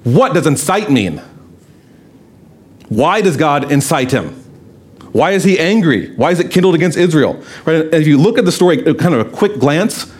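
A man's voice: a little high, very animated, moderate pace, a little mellow, husky. A man preaching a sermon in a conversational way, asking rhetorical questions and telling stories. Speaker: pastor.

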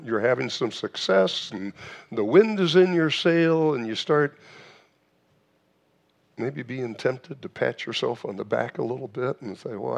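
A man's voice: medium pitch, creaky. A man preaching a sermon in a church, asking rhetorical questions, with frequent restarts and fillers. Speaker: pastor.

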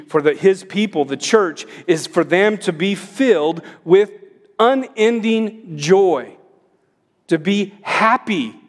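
Middle-aged male pastor, high voice, emphatic sermon delivery, church sanctuary with long reverb. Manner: emphatic preaching, swelling on commands.

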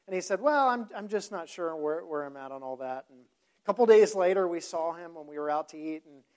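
A man's voice: fairly high pitch, animated, brisk, a little mellow, smooth. A man, a pastor, telling a story in a sermon in a conversational way, with frequent repeated words and quoted dialogue.

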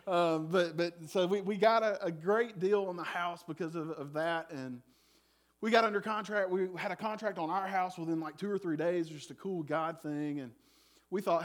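A male pastor, telling a personal story in a sermon with chatty, animated, self-deprecating humor. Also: fairly high pitch, moderate pace.

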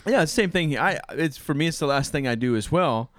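A man's voice: fairly high pitch, animated, normal speed, a bit bright, no echo, studio quality. An American man, a pastor, talking about his sermon in a rambling, self-interrupting way and laughing often. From United States. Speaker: pastor and preacher. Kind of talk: casual chat.

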